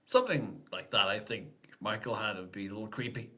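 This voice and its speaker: A man's voice: fairly low pitch, lively intonation, quick pace, few pauses, sharp tone. A man hosting a casual live-stream Q&A, talking in an easygoing, rambling way and thinking aloud.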